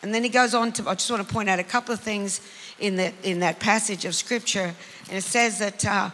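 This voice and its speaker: A preacher delivers an emphatic sermon, calling out to the congregation and then easing into quiet, reflective passages. The tone is bright and forceful. The voice rings with a long reverb from a large hall. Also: mid-range voice, steady tone, a little fast.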